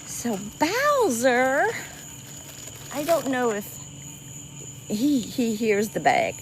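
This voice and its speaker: Hosting an outdoor nighttime livestream beside a swamp river, this Cajun woman from South Louisiana talks with viewers in a fairly high, sing-song voice at an extremely slow pace. She's chatty, laughs easily, and keeps restarting and saying "y'all." A bit of background noise is audible.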